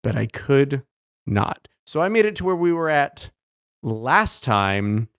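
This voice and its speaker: A man co-hosting a casual podcast, animated and swearing freely as he jokes with friends. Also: mid-range voice, slow pace, clear, resonant tone. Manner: animated, swears often, laughs a lot. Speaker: podcast co-host. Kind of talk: casual chat.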